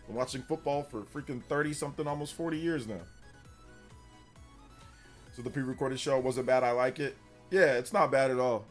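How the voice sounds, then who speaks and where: Rambling blunt man streaming. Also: mid-range voice. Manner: rambling, blunt, repeats himself. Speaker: gaming livestream host. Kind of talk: casual livestream chat.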